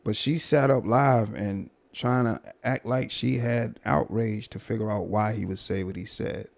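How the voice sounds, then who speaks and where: A man hosting a casual livestream commentary, talking to his viewers in a drawn-out, repetitive, emphatic way. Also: lowish voice, fairly even intonation, vocal fry.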